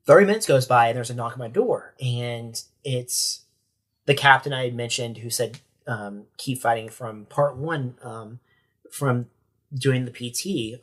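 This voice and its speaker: Halting, candid male deputy. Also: medium pitch. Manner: halting, restarts sentences, candid and emotional. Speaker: sheriff's corporal and podcast guest. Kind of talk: personal account in a podcast interview.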